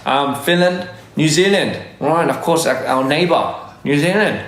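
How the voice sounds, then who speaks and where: A man's voice: mid-range voice, lively intonation, moderate pace, hardly any pauses, a bit bright. A man chatting loosely on a phone livestream, rambling and restarting often. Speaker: livestream host. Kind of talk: casual livestream chat. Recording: roomy echo.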